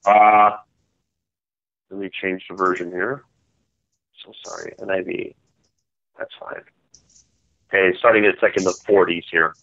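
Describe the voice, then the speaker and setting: A man's voice: low-pitched, steady tone, unhurried, long pauses, fairly bright tone, dry recording. A man hosting a call-in Bible study, questioning listeners and prompting them for answers. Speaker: host leading a Bible study. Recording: dull, dry lo-fi sound.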